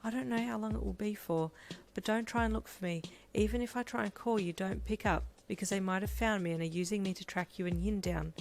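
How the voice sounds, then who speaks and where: A woman voicing a sorrowful father in a read-aloud story, talking softly but sternly. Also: medium pitch, brisk, vocal fry, slight background noise, close to an everyday voice. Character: stern, sorrowful father, middle-aged man.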